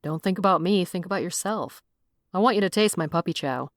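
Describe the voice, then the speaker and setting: A woman's voice: lowish voice, a little fast, no echo, studio quality, close to an everyday voice. A woman voicing an earnest, protective male police chief in an audiobook.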